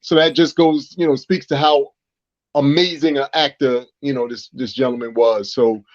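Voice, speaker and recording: A man co-hosting a casual radio talk show, animated and storytelling. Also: medium pitch, normal speed. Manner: animated, storytelling, quotes film lines loudly. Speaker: radio co-host. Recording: dull lo-fi radio audio.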